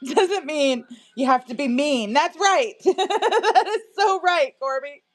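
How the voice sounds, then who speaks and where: A woman's voice: high-pitched, animated, slow. A woman selling on her live stream, chatting casually, laughing often and answering her viewers' comments. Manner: laughs often, chatty and amused, reads chat aloud. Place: her home, indoors.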